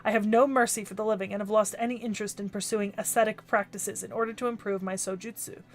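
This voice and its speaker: An actor playing a ruthless cursed warrior monk spirit in an anime dub, cold, boastful and mocking. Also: male voice, high voice, fairly even intonation, fast talker. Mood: menacing.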